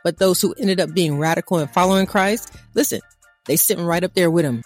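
Animated preaching woman, faint music. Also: fairly low pitch, a little fast. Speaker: podcast co-host. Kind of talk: casual faith talk.

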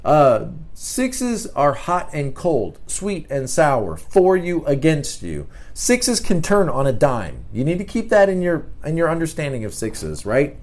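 Animated man teaching casually. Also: a little high, a little slow, few pauses. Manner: animated, repeats words and restarts. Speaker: podcast host.

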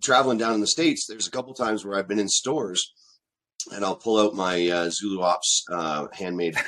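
A man's voice: low voice, moderate pace, a bit bright. A man from Canada with a military background, speaking casually in a blunt, profane, sardonic way. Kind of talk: casual chat.

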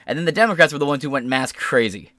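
A man's voice: mid-range voice, quick pace, dry recording. Profane, ranting man on a podcast. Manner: profane, animated rants. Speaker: podcast host. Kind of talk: casual commentary.

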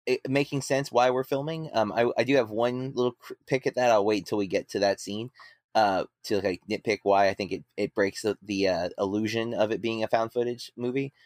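A low-voiced man speaks into a dry, close mic. His podcast chat about a film rambles and halts, with lots of ums and restarts. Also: fairly even intonation, fairly quick, darkish tone, no room sound. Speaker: podcast co-host. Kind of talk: casual movie-review chat.

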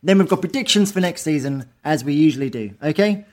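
Man, high voice, podcast host, brash, sweary, casual football banter. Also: expressive, fairly quick.

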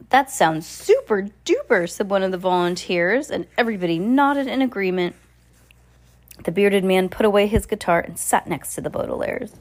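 Woman reading a book out loud into her phone at home, chatty, trips on words and fixes them. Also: mid-range voice, lively intonation, normal speed. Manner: chatty, stumbles and corrects herself, asides to a cat. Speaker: reader. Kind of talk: casual read-aloud of a novel.

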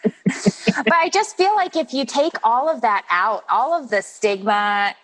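A woman's voice: fairly high pitch, animated, measured pace, rough recording. A woman in her forties, a guest author chatting in an interview, telling stories with playful quoted voices. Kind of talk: casual interview chat.

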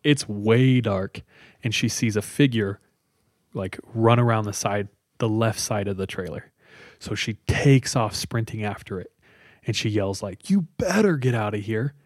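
Low-voiced man telling a spooky story. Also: fairly even intonation, measured pace, no room sound, clean studio sound. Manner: conversational, loose with many fillers. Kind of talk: casual storytelling of a scary story.

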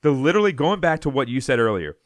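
Rambling through a long story on a podcast he co-hosts, a man laughs frequently and keeps starting his sentences over. He talks fast in a medium-pitched, very animated voice, with no echo in the recording.

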